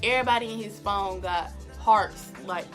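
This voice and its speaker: A young woman vlogger telling a story in a casual, animated, slangy way. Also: medium pitch, moderate pace, faint music behind. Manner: animated and slangy, acting out the exchanges.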